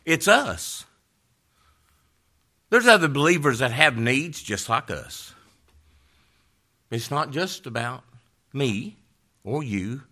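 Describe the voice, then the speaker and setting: A man preaching a sermon, rising to loud fervent peaks and dropping to hushed, low emphasis. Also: expressive, slow pace, long pauses.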